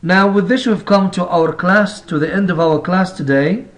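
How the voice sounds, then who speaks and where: Speaking in a high-pitched voice, a male English teacher records a lesson. He explains at an unhurried pace, says things again in other words, and addresses rhetorical questions to the class.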